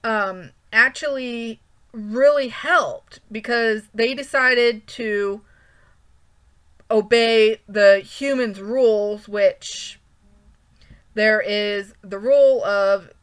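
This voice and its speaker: A woman's voice: a little high, extremely slow, a bit bright, smooth. A woman chatting casually over her drawing, rambling with frequent ums and restarts. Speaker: art channel creator.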